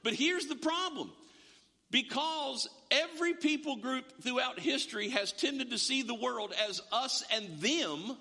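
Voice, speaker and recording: A male pastor delivers a sermon with a very high, bright and forceful voice. He is emphatic and stacks repeated words as he drives each point home. The sound carries a long reverb from a large hall.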